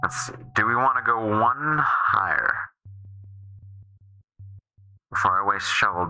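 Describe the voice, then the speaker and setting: A man's voice: on the low side, slow pace, pauses often, bright, forceful tone, faint music behind, low-quality recording. Rambling man chatting on a game stream. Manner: rambling, self-interrupting, restarts often. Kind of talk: casual game stream chat.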